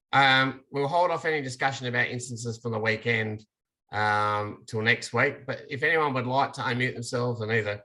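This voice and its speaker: Man, crisp bright voice, meeting host, lots of ums, video call. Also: mid-range voice. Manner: hesitant, filler-heavy, encouraging. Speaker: umpires' coach running the meeting. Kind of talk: hosting an online meeting.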